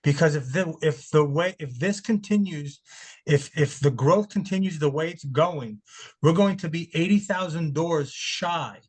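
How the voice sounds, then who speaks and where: A man's voice: a little high, unhurried, breathy edge. A man hosting a webinar over a video call, talking loosely and often repeating his words. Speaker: webinar host. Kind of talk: casual webinar chat.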